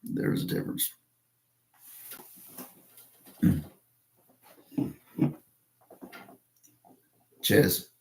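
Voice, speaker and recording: A low-pitched American man with a gravelly, creaky edge rambles through a casual monologue. He stops and restarts often, padding his talk with fillers. His voice rings in a noticeably echoey room. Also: noisy background. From United States. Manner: halting, with many fillers and restarts.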